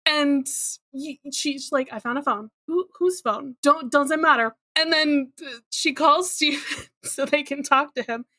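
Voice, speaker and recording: Woman co-host, bright forceful tone, blunt casual recap chat. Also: sits high, steady tone, unhurried, no echo, clean studio sound. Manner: wry, blunt, swears casually. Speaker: podcast co-host.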